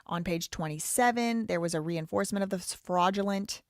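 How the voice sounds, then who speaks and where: A woman's voice: fairly low pitch, fairly quick, dry recording, clean studio sound. A woman hosting a live show, reading a lawsuit aloud in a casual, rambling way, with wry asides and frequent self-corrections.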